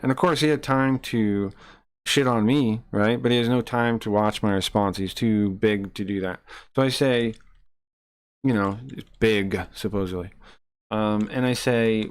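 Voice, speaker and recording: A man's voice: mid-range voice, unhurried, slight background noise. Heated, profane male streamer ranting. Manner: heated, profane, rambling with restarts. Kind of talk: ranting live-stream chat while gaming.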